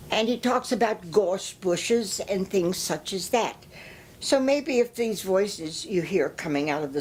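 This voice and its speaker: A woman reading a children's story aloud, explaining things gently with small restarts. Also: medium pitch, a little hiss or hum. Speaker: storybook reader.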